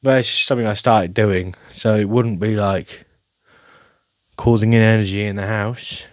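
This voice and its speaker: A man's voice: fairly low pitch, steady tone, normal speed, no room sound. A man hosting his own show, rambling through a casual, self-mocking monologue and laughing often. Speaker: podcast host.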